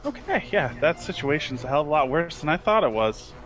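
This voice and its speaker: A man playing a tabletop game, describing what his character does, slow and lively with sudden jumps in pitch. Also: faint music behind. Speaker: player.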